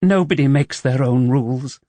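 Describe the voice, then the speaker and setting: A woman's voice: extremely low pitch, normal speed, dark tone, dry recording, voice pushed up. A man voicing a proud, wary young widow who works as a paid companion, speaking tensely and defensively in an audiobook.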